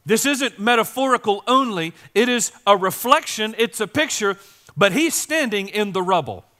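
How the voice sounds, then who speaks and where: A man preaching a sermon, passionately, his voice rising into pleas and dropping low. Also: expressive, normal speed, sharp tone. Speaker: pastor.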